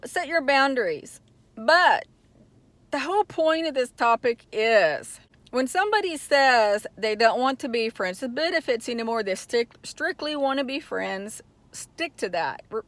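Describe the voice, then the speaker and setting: Middle-aged woman vlogger, slightly high voice, candid and worked up, dry close recording. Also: dry recording. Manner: candid, gets heated and frustrated retelling. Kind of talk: personal storytime vlog.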